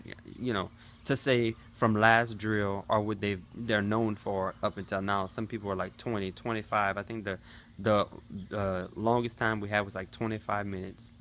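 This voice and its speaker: A man in his thirties with a fairly low voice tells his viewers a story in a loose, chatty way and talks straight to them. Faint noise sits behind the recording. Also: a bit bright. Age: 30s. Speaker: vlogger. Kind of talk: casual vlog recap.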